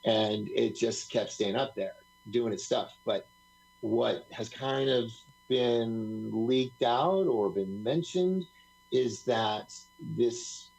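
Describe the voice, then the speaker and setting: There's a gravelly, low-set voice here, a man rambling through stories as a guest on a live stream. His tone is husky and breathy, and he laughs often and acts out other people's lines as he talks. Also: a little mellow, poor audio. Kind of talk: casual storytelling on a live talk stream.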